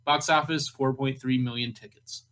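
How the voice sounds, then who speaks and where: A man's voice: medium pitch, steady tone, moderate pace, pushed and bright. A man co-hosting a casual podcast, joking around and stumbling over hard names while reading film facts. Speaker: podcast co-host.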